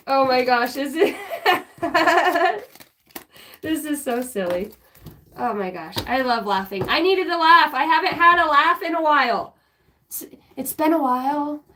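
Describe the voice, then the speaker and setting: A woman's voice: sits high, animated, slow, fairly bright tone, a little hiss or hum. A woman on a casual spiritual livestream, rambling, giggling often and humming bits of songs as she goes.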